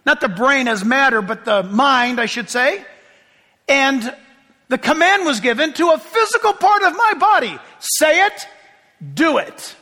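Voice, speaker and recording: A man's voice: very high-pitched, animated, moderate pace, sharp tone, big-room sound. A middle-aged man preaching a sermon as pastor, telling chatty stories with self-deprecating humor.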